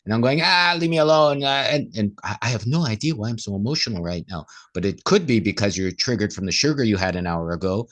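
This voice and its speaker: A man's voice: lowish voice, animated, fast talker, hardly any pauses. A man, co-host of a casual discussion, who often acts out inner voices in quoted asides.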